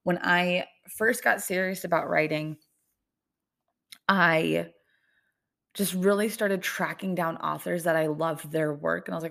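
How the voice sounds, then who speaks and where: Young female podcast host, lowish voice with some fry, chatty and full of fillers. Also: steady tone, unhurried, long pauses, fairly bright tone. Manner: rambling, many "like" fillers. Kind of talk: casual solo podcast chat.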